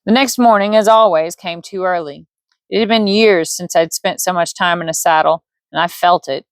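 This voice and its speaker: Woman, bedtime story reading, relaxed offhand manner, dry sound. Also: lowish voice, moderate pace, no room sound. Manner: relaxed, with offhand slips and asides. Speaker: audiobook reader.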